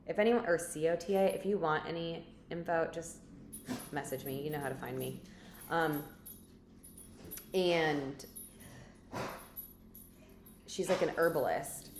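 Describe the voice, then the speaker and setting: The vlogger's low voice is unhurried and broken by long pauses as she chats her way through a rambling, filler-heavy story to the camera. Faint background noise and echo from the room come through.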